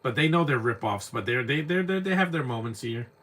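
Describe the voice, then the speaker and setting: A man's voice: mid-range voice, expressive, brisk, a bit bright. A young man giving casual live commentary on an old movie, rambling and repeating words as he searches for names.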